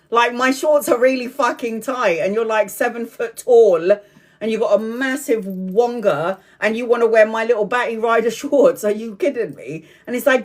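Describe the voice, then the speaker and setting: A woman's voice: mid-range voice, moderate pace. A woman doing a live tarot reading, chatting and often laughing while she talks, now and then stretching out phrases for emphasis. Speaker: tarot reader.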